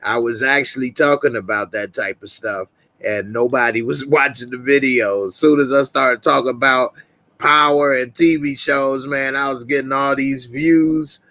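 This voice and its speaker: A man's voice: mid-range voice, steady tone, normal speed, sharp tone, dry recording. A man hosting a casual live stream, laid-back and slangy, reading viewer comments aloud. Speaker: host.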